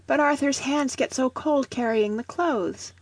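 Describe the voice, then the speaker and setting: A woman voicing a small, eager boy in a storybook reading, wistful and excitable by turns. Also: sits high, unhurried, slightly rough, dry recording, voice pushed up, exaggerated voice.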